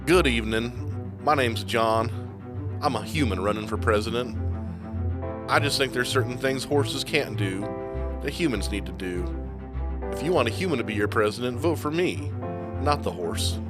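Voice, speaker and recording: A man playing a deadpan male presidential candidate in a comedy campaign ad, speaking slowly and flatly. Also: medium pitch, music in the background, lightly acted. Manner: slow, flat, deadpan.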